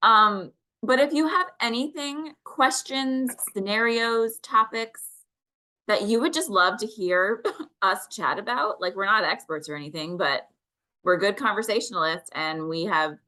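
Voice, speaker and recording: A woman's voice: medium pitch, a little slow, bright, forceful tone. A woman co-hosting a podcast in casual chat, sounding encouraging and upbeat like a coach. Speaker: podcast co-host.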